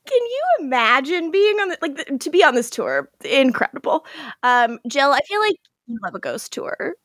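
A woman with a bright, high voice co-hosts a podcast in loose, casual chat. She laughs readily and drops swear words as she retells scenes. The recording is close and dry, with no room sound. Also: sing-song, normal speed, dry recording. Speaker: podcast co-host.

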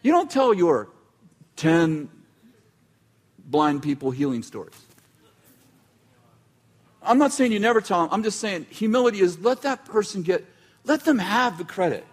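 A man's voice: sits high, big pitch swings, measured pace, long pauses. A man preaching in a casual, conversational style, often breaking off mid-sentence and adding wry asides. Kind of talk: conversational sermon.

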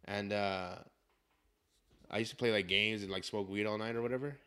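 Young man, podcast host, casual chat, swears a lot, animated storytelling, bright voice. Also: fairly low pitch, normal speed, clean tone.

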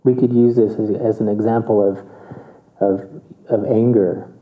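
A man's voice: fairly low pitch, fairly even intonation, unhurried. A man giving a casual meditation talk, conversational and chuckling, often checking in with his listeners. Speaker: meditation teacher. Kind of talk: relaxed dharma talk. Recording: tinny phone-like audio.

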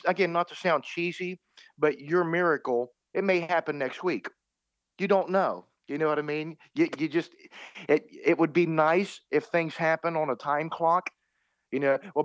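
An earnest guest drummer giving a rambling interview answer, full of halting restarts. His voice sits a little high and dry, in muffled, dull audio. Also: no echo.

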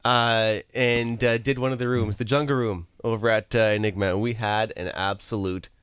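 A man's voice: lowish voice, steady tone, normal speed, fairly bright tone, clear, resonant tone, no room sound, studio quality. A man with a Canadian accent hosting a radio show, friendly and filling gaps with "uh". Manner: friendly, hesitant with fillers. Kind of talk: casual radio chat and scripted segment intro. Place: radio studio.

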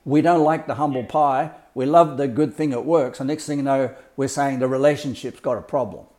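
A man's voice: mid-range voice, a little fast, warm tone. A man talking as a life coach, explaining ideas in a blunt, colourful way with swearing and mimicked sounds. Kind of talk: casual explanatory talk.

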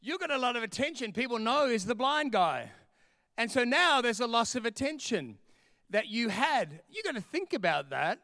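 A male pastor preaching with an energetic, emphatic delivery, hammering key lines by repeating them. His voice sits high for a man and comes through smooth and resonant. The sound is dry and close. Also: normal speed, no room sound. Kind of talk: sermon. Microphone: camera with a close mic.

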